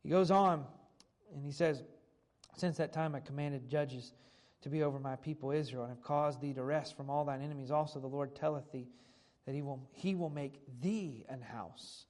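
Male preacher with a somewhat high voice, reads old scripture and then unpacks it plainly. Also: normal speed, a little mellow. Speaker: pastor. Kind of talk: sermon with scripture reading.

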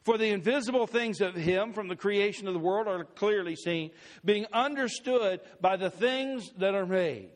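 A man, a pastor, preaching a sermon with slow, emphatic scripture readings. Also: high-pitched.

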